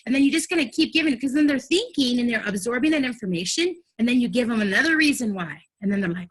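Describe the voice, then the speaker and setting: Young woman trainer, high-ish voice, chatty and bubbly, acts out calls. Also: expressive, fast talker, husky. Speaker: direct sales trainer. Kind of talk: casual training talk.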